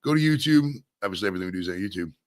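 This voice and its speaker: Expressive and rapid-fire, a low-pitched man from Maine rambles profanely while hosting his solo stream. His chat stays loose and conversational.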